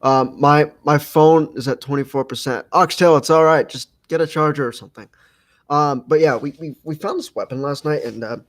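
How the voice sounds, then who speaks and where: A man's voice: on the high side, normal speed, rough recording. A young man hosting a casual livestream podcast, rambling with lots of fillers and restarts. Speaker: podcast host.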